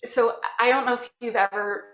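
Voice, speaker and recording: A woman from Canada, a guest chatting casually in an interview and telling stories with lively acted-out quotes. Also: a little high, moderate pace, reverberant. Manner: animated storytelling, acting out quoted voices.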